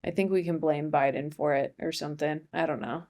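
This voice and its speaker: A young woman hosting a comedy podcast, rambling through a casual monologue with deadpan asides and frequent self-interruptions. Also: low voice, a little fast.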